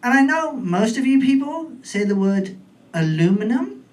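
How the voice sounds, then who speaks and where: A British man from England in his forties, performing a stand-up comedy set in a comedy club with a camp, animated delivery. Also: very high voice, moderate pace, distant mic. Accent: British English.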